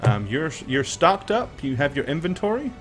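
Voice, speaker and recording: A man narrating a tabletop game as game master, relaxed and full of ums. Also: a little high, moderate pace, soft background music. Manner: relaxed, hesitant with many ums.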